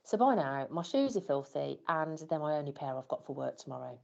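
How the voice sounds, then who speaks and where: A woman's voice: low voice, lively intonation, a little fast, gravelly, a little mellow, lo-fi sound. A woman telling a scripted first-person story as a flustered parent, wry and self-deprecating. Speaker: parent in a training scenario.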